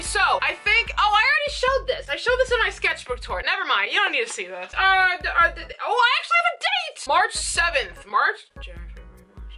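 A young woman chats casually through her vlog in a higher, bright voice. She rambles, puts herself down and laughs often. Faint music plays behind her. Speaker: YouTuber.

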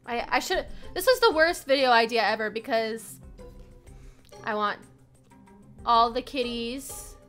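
High, lively, gushing young woman. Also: unhurried, long pauses, faint music behind. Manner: gushing and giggly. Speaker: host reacting to pet videos. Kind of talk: reaction commentary.

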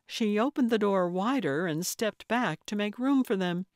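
In a mid-range voice, a woman narrates an audiobook from a script, keeping an even, measured storytelling manner. The sound is studio quality with no echo.

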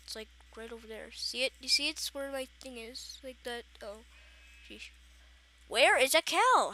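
Slow-talking, bright-voiced woman gamer. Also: a little high. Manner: chatty, playfully exasperated, talks to herself. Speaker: gaming channel host. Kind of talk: casual Minecraft let's play commentary.

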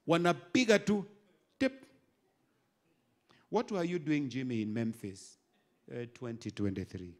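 A middle-aged Kenyan bishop preaching an animated sermon, moving from quiet asides to loud exhortation. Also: male voice, a little high. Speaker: bishop and pastor.

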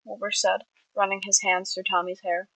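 A woman's voice: medium pitch, level tone, moderate pace, fairly bright tone, dry recording, rough recording. A woman reading her own story aloud, with small slips and self-corrections. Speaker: amateur writer.

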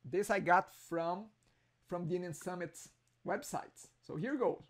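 A man's voice: high voice, a little slow. A man with a non-native English accent hosting a user group meeting, talking casually with jokes and many restarts, heard over a video call. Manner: chatty, joking, with many restarts.

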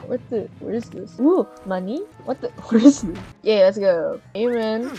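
Giggly excitable young woman gamer. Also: mid-range voice, fairly quick, few pauses. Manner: giggly, excitable, squealing exclamations. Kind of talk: casual gameplay commentary. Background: game music.

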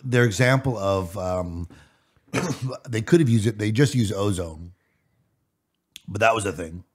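A man's voice: on the low side, a little slow, husky. A man in comedic podcast banter, rambling through half-finished points and laughing at his own lines.

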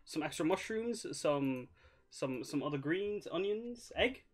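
A man's voice: a little high, animated, measured pace, voice pushed up. A man voicing a polite, eager noodle shop clerk who stammers and repeats words in a tabletop role-play. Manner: courteous salesman, repeats words.

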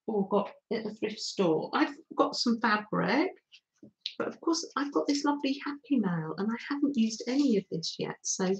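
An older woman hosts a craft livestream at an unhurried pace. Her voice sits a little high, and she chats and gushes as she answers comments from viewers. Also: low-quality recording. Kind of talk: casual craft livestream chat.

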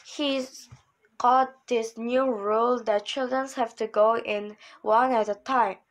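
Slow-reading woman with a high voice. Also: low-quality recording. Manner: steady, unhurried storytelling. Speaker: reader. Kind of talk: reading a children's novel aloud.

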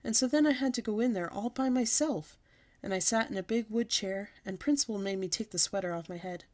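Woman storyteller, expressive read-aloud of a children's book. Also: medium pitch, brisk. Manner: lively, expressive storybook reading.

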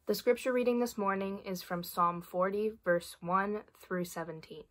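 A woman reads a psalm aloud during a worship service with a measured, steady delivery. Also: mid-range voice. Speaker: scripture reader. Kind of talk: reading scripture aloud in worship.

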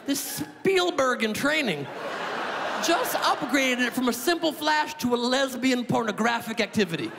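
A man doing a stand-up comedy set on a club stage, animated and shouting his punchlines over audience laughter. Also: extremely high pitch, creaky. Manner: animated, shouting punchlines, quick asides to the crowd. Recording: live room with long reverb, crowd noise.

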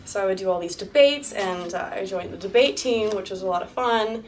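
A woman's voice: medium pitch, a little fast. A young woman in her twenties speaking candidly as a guest at a university talk, laughing often and acting out quoted lines. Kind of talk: interview-style talk to a live audience. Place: university lecture room. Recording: distant mic with faint room noise.

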